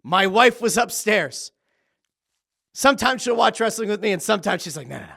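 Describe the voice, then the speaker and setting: A man hosting a wrestling podcast in casual commentary, excitable and swearing freely, acting out his own reactions with quoted exclamations. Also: sits high, a little fast, vocal fry. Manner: uses profanity freely.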